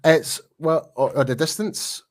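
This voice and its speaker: A man's voice: a little high, unhurried, darkish tone. A man with a Glaswegian accent, a podcast guest chatting casually with many fillers and restarts. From Scotland. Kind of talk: casual chat.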